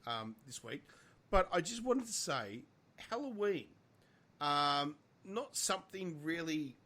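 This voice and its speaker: A man's voice: on the high side, expressive, slow pace, sharp tone. A middle-aged man, co-hosting a casual podcast chat, swearing a lot and ranting heatedly. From Australia. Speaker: podcast co-host.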